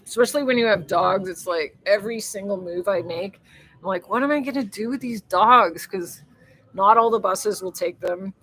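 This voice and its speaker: A woman's voice: mid-range voice, normal speed, fairly bright tone, dry recording, poor audio. A woman hosting a casual live stream, rambling and chatty, laughing often and swearing freely as she reads viewer comments.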